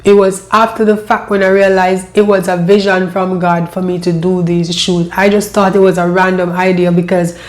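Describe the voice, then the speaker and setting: A woman with a lilt recounts her own life story in a steady, level voice that rarely rises or falls. She sounds emotional and halting, circling back to repeat her words as she talks. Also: lowish voice. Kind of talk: personal storytelling.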